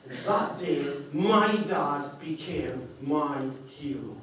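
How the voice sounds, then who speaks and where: A man's voice: fairly high pitch, takes it slowly, few pauses, a little hiss or hum. A man telling a personal story to a live audience as a motivational speaker. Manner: animated, acts out an auctioneer's patter. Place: large hall. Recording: echoey hall from far off.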